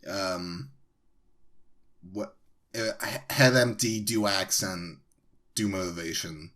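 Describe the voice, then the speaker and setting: A man's voice: low voice, slow, a bit bright. A man co-hosting a podcast in casual chat, hesitant and dry, unimpressed by puns. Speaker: podcast co-host.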